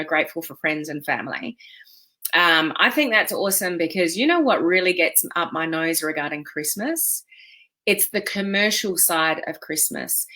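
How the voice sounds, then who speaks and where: An upbeat Australian woman chats casually with her live audience and greets people by name as she goes. Her voice is bright and sharp, with easy laughter. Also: on the low side. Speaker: live stream host. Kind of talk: casual live chat with viewers.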